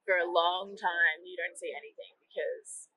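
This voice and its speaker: A woman's voice: lowish voice, steady tone, normal speed, a crowd in the background, poor audio. A young woman from Australia, chatting casually and peppering her speech with "like". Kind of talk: casual chat.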